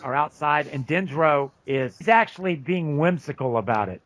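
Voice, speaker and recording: High-voiced man running a tabletop game. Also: normal speed, a bit bright, a little hiss or hum. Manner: descriptive, with frequent restarts. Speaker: game master.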